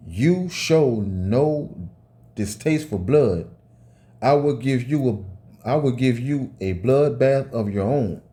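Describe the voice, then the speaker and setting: A man's voice: mid-range voice, mellow. A man giving an informal sermon, reading scripture aloud and ranting between passages, swearing often and ending phrases with "man". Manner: profane, tags phrases with "man", rereads and corrects himself. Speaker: preacher.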